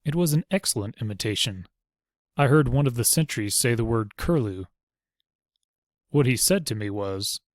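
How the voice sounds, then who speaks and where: A man voicing a spirited, quick-witted young woman who speaks briskly and with a sharp tongue. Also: medium pitch, no room sound, studio quality, lightly acted.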